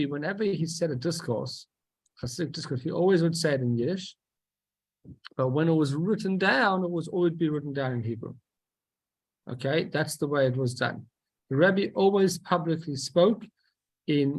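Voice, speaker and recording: Male teacher, husky and slightly high, explains a text step by step, asks his own questions and answers them. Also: darkish tone.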